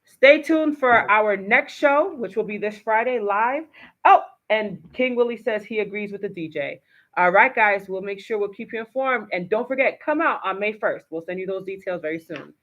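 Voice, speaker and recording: A woman's voice: medium pitch, expressive, moderate pace, fairly bright tone. A woman hosting a live online talk show, effusive and enthusiastic as she thanks her guest. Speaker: host. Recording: dull lo-fi live stream audio.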